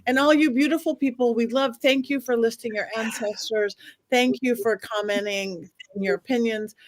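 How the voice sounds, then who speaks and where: A woman's voice: a little high, fairly even intonation, moderate pace. A woman hosting a podcast who leads the rating segment in an upbeat, casual way. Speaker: podcast host. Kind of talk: casual chat.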